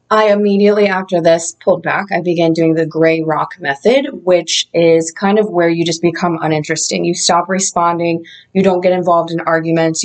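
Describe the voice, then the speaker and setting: A woman's voice: fairly low pitch, darkish tone. A woman vlogger telling her own story in a candid, reflective way, with loose casual phrasing. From Indiana. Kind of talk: casual first-person storytelling.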